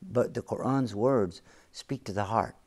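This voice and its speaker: A man's voice: on the low side, a little slow, darkish tone. Earnest man preaching with emphasis. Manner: earnest, emphatic preaching, often repeating key phrases. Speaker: guest sheikh. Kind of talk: religious teaching in an interview.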